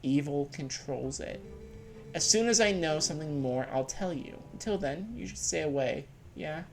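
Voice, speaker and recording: A man voicing a tough young woman warrior who talks briskly and bluntly, kept low-key. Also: lively intonation, vocal fry, soft background music. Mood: serious.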